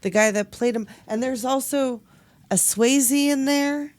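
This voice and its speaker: A woman's voice: high-pitched, measured pace. A woman co-hosting a casual podcast chat, blunt and jokey, swearing often. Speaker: podcast co-host.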